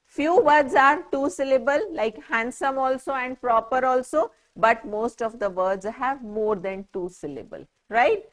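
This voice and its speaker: A woman's voice: high voice, measured pace, hardly any pauses. A woman with an Indian English accent explaining a grammar lesson, patiently spelling out words letter by letter and checking understanding with "right?". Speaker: teacher.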